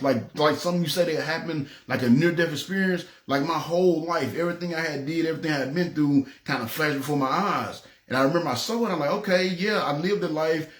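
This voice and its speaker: Preacher guy telling his testimony, lively storyteller, a bit high pitched, roomy echo. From Memphis, Tennessee. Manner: animated storytelling, acts out dialogue; frequent "you know what I'm saying". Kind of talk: personal testimony.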